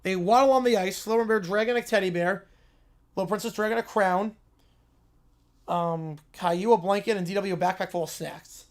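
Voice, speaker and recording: A man's voice: high voice, moderate pace. A man hosting a livestream, narrating a silly story in a casual, offhand way. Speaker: livestream host.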